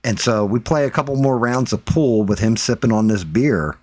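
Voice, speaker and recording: A man's voice: mid-range voice, moderate pace, a little mellow, no room sound. A man hosting a live stream, telling a story in casual, profane chat and acting out what people said. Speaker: streamer host.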